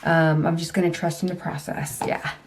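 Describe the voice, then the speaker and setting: A woman's voice: sits low, little pitch movement, moderate pace, background noise. Woman, beauty vlogger, casual unboxing chat, chatty, easy laughs, rambling asides. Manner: chatty, self-deprecating, laughs easily; frequent ums and trailing asides.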